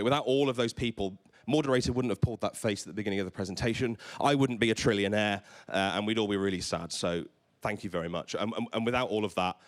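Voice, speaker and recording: A man giving an enthusiastic conference talk on stage to a live audience, often stumbling and repeating words. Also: lowish voice. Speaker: conference presenter.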